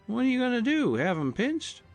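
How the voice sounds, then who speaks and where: A man's voice: extremely high pitch, very animated, fairly quick, faint music behind, voice pushed up, full character voice. A man doing a cool, wry young fellow. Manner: cool, mocking.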